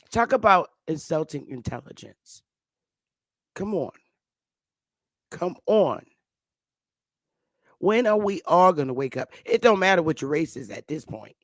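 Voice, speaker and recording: A man with a somewhat high voice talks straight to his online audience in a loose, profane, mocking rant. He rambles and restarts, tossing off asides as he goes. The sound is dry and close, with no room echo. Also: expressive, unhurried, long pauses. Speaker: online show host. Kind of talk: casual ranting commentary to viewers.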